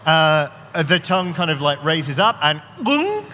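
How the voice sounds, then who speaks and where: Animated male game master, bright voice, live convention hall reverb. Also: on the high side, measured pace, slight background noise. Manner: animated, joking, many fillers. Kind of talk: narrating a tabletop game live on stage.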